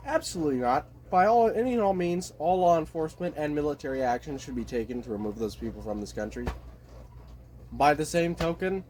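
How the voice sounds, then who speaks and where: A man's voice: fairly high pitch, darkish tone. A man from the desert Southwest of the US who vlogs in a blunt, profane, meandering monologue. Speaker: vlogger. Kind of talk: casual monologue rant.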